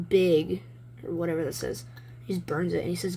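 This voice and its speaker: Her voice is lowish and darkish, with slight background noise, as this young vlogger shows off her drawings in a dimly lit room at home. Chatty and rambling, she reads her comics aloud, slipping into quick silly voices.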